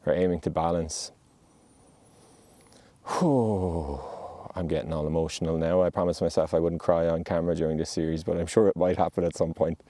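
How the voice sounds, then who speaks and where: A man with a low, mellow voice speaks earnestly and reassuringly, as a podcast host delivering a heartfelt monologue. He is outdoors on a mountain, and the sound is close and dry. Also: flat delivery, fast talker, hardly any pauses, dry recording.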